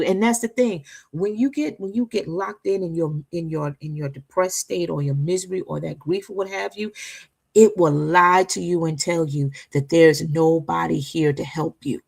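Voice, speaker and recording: A woman with a fairly low voice and some vocal fry co-hosts a talk show, giving an inspirational faith talk at a moderate pace. She preaches conversationally, calling listeners "y'all," speaking emphatically and repetitively, and keeps asking "right?" to win agreement.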